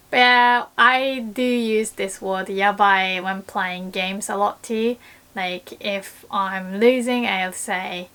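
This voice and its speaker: Slow, playful Japanese-accented woman teacher. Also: steady tone, fairly bright tone, clear, resonant tone. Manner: playful, acts out example phrases with big pitch jumps. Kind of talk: casual language lesson.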